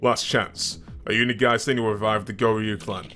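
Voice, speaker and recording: A man putting on a gruff low Kiryu voice. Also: a little fast, soft background music, natural voice. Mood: menacing. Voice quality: forced low voice, cracking at times. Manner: flat, terse delivery. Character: stoic gruff male ex-yakuza hero.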